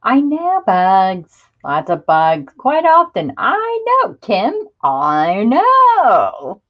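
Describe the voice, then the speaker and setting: Chatty woman crafter, slow and lively. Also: medium pitch, muffled recording. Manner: chatty, greets viewers by name, gushing. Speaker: crafting livestream host. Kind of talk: casual live chat while showing craft supplies.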